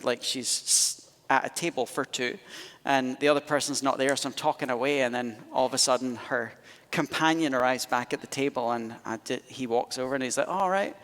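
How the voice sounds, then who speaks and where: A man's voice: mid-range voice, a bit bright. A man in his thirties with a Scottish accent, preaching with chatty, self-mocking stories full of fillers and restarts. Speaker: pastor. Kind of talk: sermon storytelling. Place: church hall. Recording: long reverb of a church hall.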